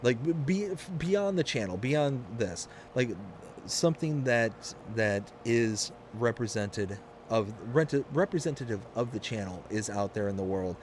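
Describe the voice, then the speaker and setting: Male stream host from Michigan, mid-pitched, loose rambling chat, faint background hum. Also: lively intonation, a little slow. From Michigan, USA. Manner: rambling, anecdotal, frequent restarts. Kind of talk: casual chat while streaming a game.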